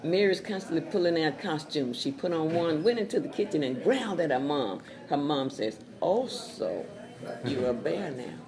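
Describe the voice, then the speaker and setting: A woman chatting casually as she pitches her Spanish dictionary, repeating words and laughing at her own jokes. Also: expressive, moderate pace. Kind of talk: casual sales chat with jokes. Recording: crowd noise behind.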